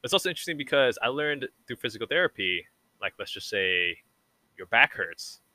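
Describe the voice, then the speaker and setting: A man's voice: medium pitch, big pitch swings, fairly quick, sharp tone, no room sound. A young man talking as a podcast guest, rambling and reflective and saying "like" a lot. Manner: rambling and reflective, heavy use of "like". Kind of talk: casual conversation.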